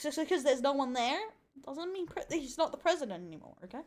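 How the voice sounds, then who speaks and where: A woman's voice: sits high, sing-song, fast. An Australian woman, a VTuber, chatting casually through a reaction video with loose, giggly, swearing remarks.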